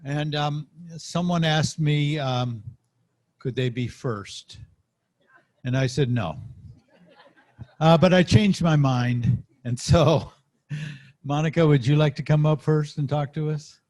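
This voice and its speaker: A man's voice: on the high side, slow, pauses often, darkish tone. A man emceeing an award celebration in an easygoing, joking way as he calls up speakers. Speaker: event host.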